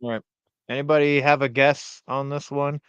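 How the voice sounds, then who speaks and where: Quiz host, male, smooth clear voice, dry dull recording, playful. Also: medium pitch, flat delivery, normal speed, a bit bright, no echo. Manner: reads movie quotes aloud, teasing. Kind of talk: casual live-stream chat.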